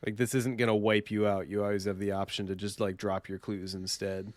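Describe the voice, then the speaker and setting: A man's voice: on the low side, little pitch movement, brisk, no echo. A man co-hosting a podcast, chatting casually about a card game with rambling, self-deprecating asides. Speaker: podcast co-host.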